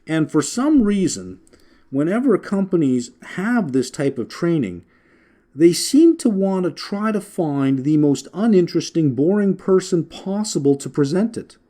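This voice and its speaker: Mellow-voiced male finance lecturer. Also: a little high, very animated, measured pace. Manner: conversational, frequent filler words and restarts, wry asides. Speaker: finance instructor. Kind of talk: recorded lecture.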